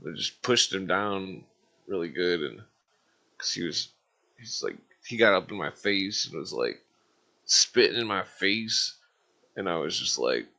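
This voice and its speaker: Here's another caller on a live call-in stream, with a low, gravelly voice that's bright and forceful. He's animated but keeps a measured pace, pausing often as he rambles through stories, cursing nonstop and leaning on filler words.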